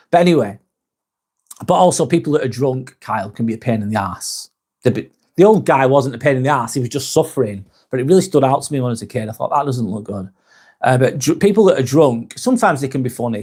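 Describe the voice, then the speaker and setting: A man with a Northwest English accent chats casually to viewers of his livestream. His voice sits at an ordinary middle pitch. He talks loosely, reads out comments and drops the odd swear word. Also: darkish tone, husky. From Northwest England. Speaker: live vlog host reading chat.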